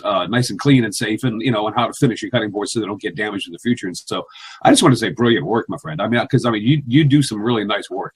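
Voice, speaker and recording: Lively, joking male podcast co-host. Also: fairly low pitch, husky. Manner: enthusiastic, joking, stammering restarts. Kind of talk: casual chat.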